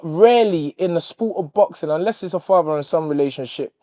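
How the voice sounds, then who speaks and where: A man's voice: on the high side, a little fast, dark tone, dry recording, studio quality. A middle-aged man, a boxing coach talking earnestly about his fighter. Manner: earnest, reflective, with playful bickering. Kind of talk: interview and gym banter.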